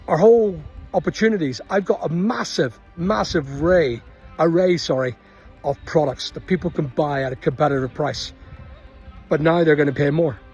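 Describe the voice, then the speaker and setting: A man's voice: on the high side, a little mellow, breathy edge, muffled recording. A middle-aged man from Northern Ireland with a Northern Irish accent, an online seller venting indignantly to camera about rising costs. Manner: exasperated, indignant, repetitive. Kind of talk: angry rant to camera.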